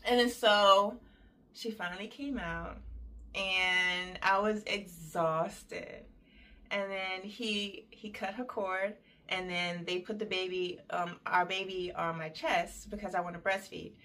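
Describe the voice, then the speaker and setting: Chatty woman telling a story. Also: slow pace. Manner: animated, acts out quoted voices with big pitch jumps; chatty and detailed, with fillers. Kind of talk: casual personal storytelling.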